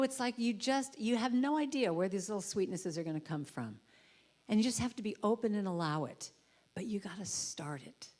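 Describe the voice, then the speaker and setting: A guest speaker and musician delivers a warm, conversational storytelling sermon in a church sanctuary, acting out the voices in her stories. Her mid-range voice is fairly quick with lively intonation.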